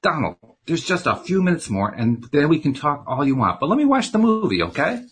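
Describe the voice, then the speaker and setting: A man's voice: a little high, very animated, brisk, breathy edge, pitched above the performer's own voice. A man voicing an irked, earnest male pilot telling his own story in a novel read aloud, protesting in a raised voice.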